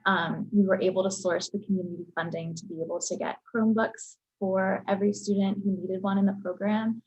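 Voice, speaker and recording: A woman's voice: mid-range voice, flat delivery, a little fast, darkish tone, husky, highs cut off. A woman leading a program, speaking earnestly and thoughtfully with frequent ums on a webinar panel. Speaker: program leader. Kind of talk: casual webinar panel talk.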